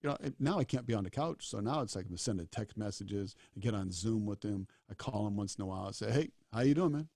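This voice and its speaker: A middle-aged man with a lowish, mellow voice tells a story in earnest. He slips into the dialogue as he goes, and the sound is dry and close. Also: fast talker, hardly any pauses, dry recording. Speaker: disaster doctor and speaker. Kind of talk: storytelling talk.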